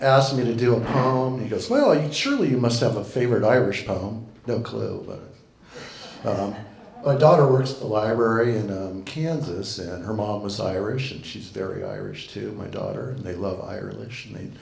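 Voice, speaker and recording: A man's voice: lowish voice, fairly even intonation, normal speed, gravelly, darkish tone. A middle-aged man chatting casually with fillers before reciting a short verse at a poetry salon. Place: lounge bar, indoors. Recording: echoey room.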